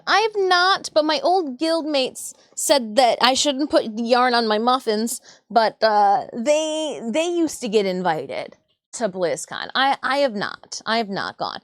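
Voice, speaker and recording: A woman's voice: on the high side, no room sound, studio quality. A woman hosting a casual live stream, rambling and chatty as she sorts craft supplies, with self-mocking asides. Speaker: livestream host.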